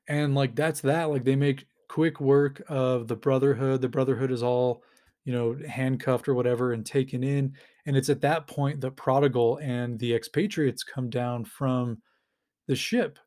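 A man with an ordinary mid-range voice recaps a comic book storyline in an easygoing, rambling way. He leans on "like" and "uh" as he goes and pops in quick acted-out lines for the characters. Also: mid-range voice. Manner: animated retelling with quick put-on character voices, many fillers. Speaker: podcast host recapping comics.

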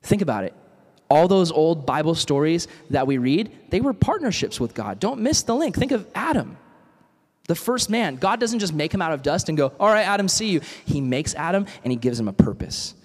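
A man's voice: a little high, normal speed. Casual young man preaching in a hall. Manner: casual, animated, storytelling with acted quotes. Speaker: youth speaker. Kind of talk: youth sermon. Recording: reverberant hall.

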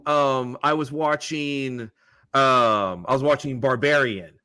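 A man co-hosting a horror podcast live stream, playful and laughing along, with quick restarts. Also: mid-range voice, bright, forceful tone, clear, resonant tone, dry recording, clean studio sound. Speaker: podcast co-host. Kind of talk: casual live-stream chat.

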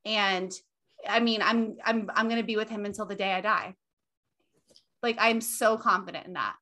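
A young woman talks on her podcast in a loose, casual chat, her voice bright and forward. She gushes and leans hard on her words, dropping swear words freely as she goes. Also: mid-range voice, fairly even intonation, moderate pace. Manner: gushing, emphatic, swears freely. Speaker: podcast host.

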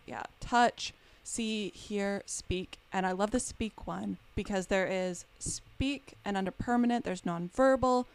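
Woman, North American accent, podcast host, chatty, animated, mid-pitched. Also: smooth. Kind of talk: casual chat.

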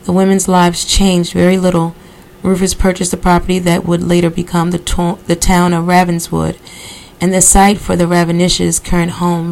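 Gravelly-voiced woman reading a novel aloud. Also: lowish voice, low-quality recording. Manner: steady reading with casual asides. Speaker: podcast host reading a novel. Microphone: computer recording software.

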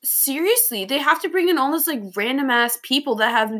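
A woman's voice: sits high, expressive, brisk, fairly bright tone. A young woman in casual chat, talking loosely, laughing often and swearing. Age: young adult.

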